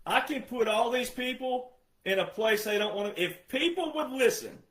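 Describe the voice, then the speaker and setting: A man with an unusually high, sharp voice delivers a heated monologue. He scolds his listeners, fires off rhetorical questions and often breaks into shouting. The sound bounces around an echoey room. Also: lively intonation, moderate pace. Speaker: online commentator. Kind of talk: ranting monologue.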